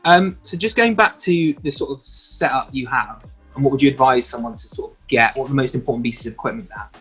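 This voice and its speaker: A man's voice: medium pitch, fast, fairly bright tone, husky, soft background music, rough recording. A man hosting an interview, asking questions in a friendly, hesitant way with many fillers. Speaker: interviewer host.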